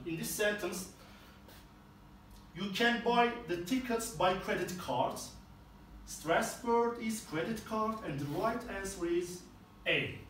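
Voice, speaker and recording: A male teacher with a fairly high voice walks through each exercise slowly and patiently. He is recorded from a distance in a very echoey room. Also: a bit bright, slight background noise. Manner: slow, explains step by step. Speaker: English teacher. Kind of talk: classroom lesson explanation.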